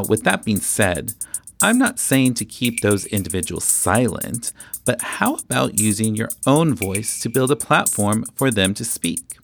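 A man hosting a podcast, talking through his opinions in a loose, rambling way, full of restarts and fillers. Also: on the low side. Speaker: podcast host. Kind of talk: casual opinionated chat.

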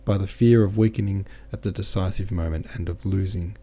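A man narrating an audiobook in a steady, measured way. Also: sits low, slight background noise. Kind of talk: audiobook reading.

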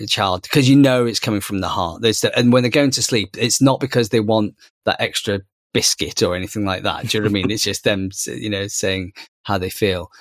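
A man's voice: lowish voice, a bit bright, no echo, clean studio sound. A man in his thirties, a podcast co-host, talking casually about parenting with many fillers and restarts. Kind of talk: casual conversation.

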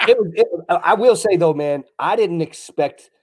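A man's voice: sits high, expressive, moderate pace, breathy edge, no echo. Blunt young man in casual chat. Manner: blunt and outspoken, swears freely.

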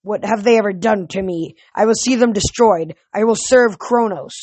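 A woman's voice: mid-range voice, moderate pace, a little mellow, dry recording, lightly acted. A woman voicing a bitter, resigned teenage boy in a storybook reading. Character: bitter teenage demigod boy turning traitor.

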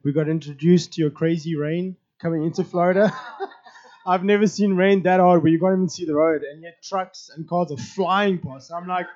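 A hoarse man introducing himself to a church, earnest and laughing easily. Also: high voice, darkish tone, muffled recording. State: hoarse, voice low. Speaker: new church staff member.

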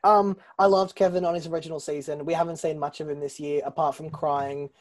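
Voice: mid-range voice, fairly even intonation, a little fast. A co-host in casual podcast chat, dry and teasing, with many likes and ums.

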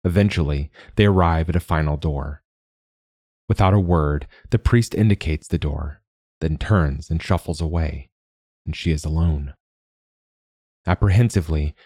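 Low husky-voiced male narrator. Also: dark tone, no room sound, studio quality. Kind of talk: scripted story narration.

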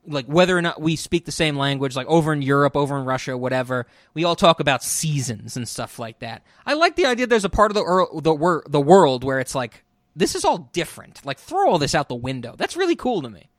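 A man's voice: fairly high pitch, very animated, brisk, no echo, clean studio sound. A man co-hosting a podcast, chatting casually and animatedly, often swearing and acting out quotes. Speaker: podcast co-host. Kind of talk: casual chat.

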